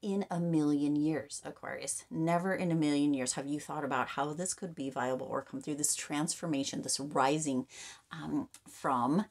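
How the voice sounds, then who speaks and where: A woman giving an excited tarot reading, gushing and repeating herself, often dropping into breathy whispers and running out of breath. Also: deep voice, normal speed. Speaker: tarot reader.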